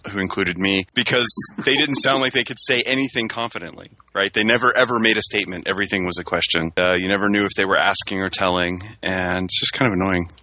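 A man's voice: fairly low pitch, pushed and bright. A man co-hosting a casual chat, wry and a little grumpy about language habits. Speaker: podcast co-host.

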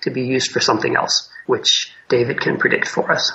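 Bright-voiced man, slightly muffled mic. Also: medium pitch, flat delivery, fairly quick. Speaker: podcast co-host. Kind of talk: wry academic chat.

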